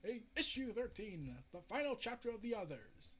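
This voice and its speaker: A man giving a casual, joking recap of a comic, talking in an animated way. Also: normal speed. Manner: animated, joking, lots of pitch swings. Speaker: comic reviewer.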